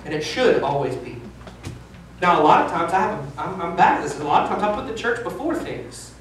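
A man's voice: on the high side, big pitch swings, brisk, fairly bright tone, a little hiss or hum. A man in his thirties preaching a sermon as pastor, candid and self-deprecating, with emphatic stretches. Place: church sanctuary. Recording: echoey church hall from a distance.

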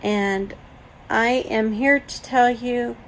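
Woman beauty vlogger, slightly high voice with a gravelly edge, unhurried chatty delivery, faint room noise. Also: fairly even intonation, poor audio. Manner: chatty, gushing over products. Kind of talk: casual makeup collection walkthrough.

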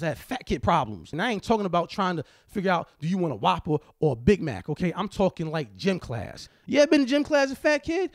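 A brash young man performing stand-up, his voice sitting high for a man. The sound is dry and close, with no room around it. He talks crudely and jumps into acted voices of the people in his stories. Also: vocal fry, dry recording. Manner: brash, profane, acts out quoted voices. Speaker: stand-up comedian. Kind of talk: stand-up comedy set.

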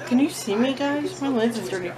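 A woman filming herself at home, telling a story-time vlog in a chatty, animated, blunt way. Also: fairly high pitch, brisk, crowd noise. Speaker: vlogger. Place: at home with her cats. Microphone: own phone or camera, self-filmed.

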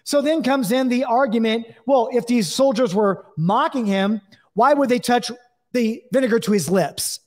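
A man's voice: very high-pitched, moderate pace. Male Bible teacher, conversational, reads scripture and acts out quoted voices; long reverb around him.

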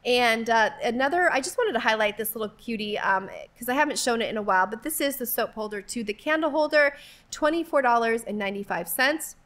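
Chatty bright-voiced woman in her forties. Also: a little high, lively intonation, a little fast. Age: 40s. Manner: chatty and rambling, giggles often. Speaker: vlogger. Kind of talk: casual store walk-through. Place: inside a retail store.

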